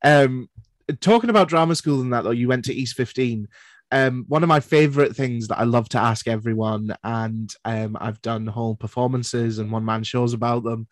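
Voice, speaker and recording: Chatty young host, dry sound. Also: male voice, medium pitch, normal speed, no room sound. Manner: chatty, loose, full of fillers. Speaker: podcast host. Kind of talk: casual interview chat.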